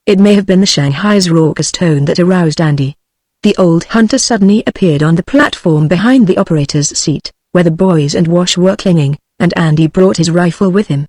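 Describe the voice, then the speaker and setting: A text-to-speech voice of a woman with a British English accent, reading an adventure novel aloud in an even, synthetic manner. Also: fairly low pitch, moderate pace, no echo, clean studio sound. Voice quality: even synthetic delivery, same voice for all characters. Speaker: audiobook narrator.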